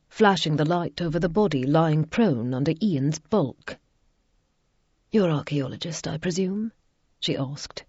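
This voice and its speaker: A woman reading a romance audiobook in a measured, even narration. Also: sits low, breathy edge, no room sound. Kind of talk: scripted narration. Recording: dull lo-fi recording.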